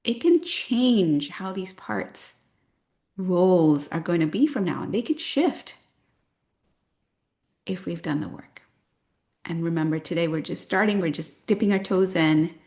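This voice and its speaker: A woman in her thirties, a parent coach, talking to a parent group in a reflective, gently explanatory way and telling personal stories. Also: fairly low pitch, lively intonation, a little slow, long pauses.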